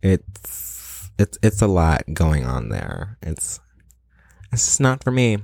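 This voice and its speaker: A man's voice: deep voice, huge pitch swings, slow pace, vocal fry, darkish tone, no room sound, clean studio sound. A young man hosting a solo podcast in a casual, rambling way, playfully boastful and full of dramatic asides. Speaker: podcast host.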